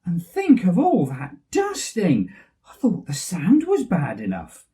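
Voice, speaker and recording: A man's voice: sits high, wildly swooping pitch, slow, dark tone, recorded from a distance, full character voice. A man voicing a prim, fussy mother bear in a children's story.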